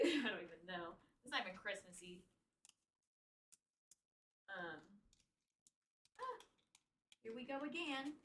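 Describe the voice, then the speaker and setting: A woman's voice: fairly high pitch, sing-song, a little slow, long pauses, fairly bright tone, far from the mic, slight background noise. A woman streaming as she wraps gifts, chatting casually, cursing now and then and slipping into a playful put-on accent. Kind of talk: casual live-stream chat while wrapping gifts. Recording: roomy echo, speaking away from the mic.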